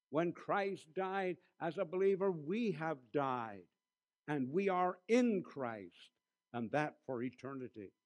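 A male pastor preaches a sermon in a slightly higher voice. He leans hard on key phrases, slowing each word. He sinks into a hushed tone when he tells a story. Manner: preaching with emphatic slowed phrases and quiet storytelling asides.

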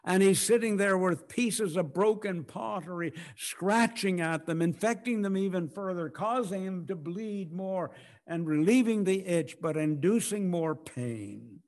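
A man preaching a sermon, swinging from hushed, drawn-out phrases to loud, ringing declarations as he acts out scripture. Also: sits high. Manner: dramatic swings from hushed to loud, acting out quotes.

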